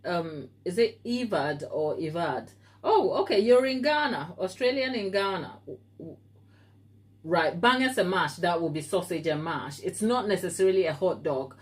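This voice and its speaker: A woman's voice: on the low side, animated, moderate pace. Chatty woman baker reading live comments. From Africa. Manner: chatty and playful, teasing viewers by name. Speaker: baker hosting a live stream. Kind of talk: casual live-stream chat reading viewer comments. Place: home kitchen.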